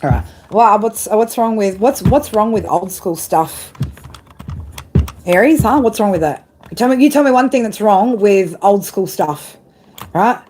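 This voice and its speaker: A woman's voice: medium pitch, lively intonation, measured pace, noisy background. A woman chatting casually during a live tarot reading, laughing often and tagging "right?" onto her sentences. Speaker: tarot reader. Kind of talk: live-stream reading chat. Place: outdoors.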